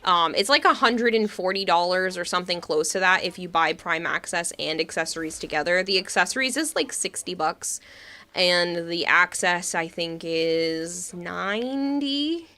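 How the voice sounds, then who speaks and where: Woman, game streamer, bright clear tone, casual rambling chat, frequent laughs. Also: on the low side, lively intonation, moderate pace. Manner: chatty, rambling, laughs often while reading chat.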